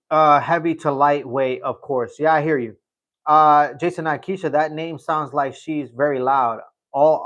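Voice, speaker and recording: Rambling man hosting a livestream. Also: a little high. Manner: rambling storyteller, repeats himself. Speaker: livestream host reading chat. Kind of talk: casual livestream chat.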